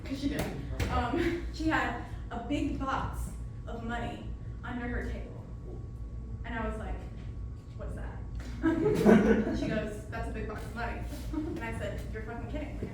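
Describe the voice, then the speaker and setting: A woman's voice: a little high, recorded from a distance, noisy background. A woman doing a live stand-up set, telling a story in a rambling, self-deprecating way with many ums. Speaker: stand-up comedian. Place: small comedy club stage. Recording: echoey club room, mic heard from afar.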